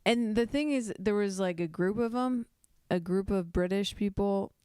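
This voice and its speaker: A woman's voice: mid-range voice, moderate pace, darkish tone, clean tone, no echo, studio quality. A young adult woman hosting a casual comedy podcast, rambling, giggling and mocking herself as she talks. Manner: giggly, self-deprecating, rambling with restarts. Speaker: podcast host.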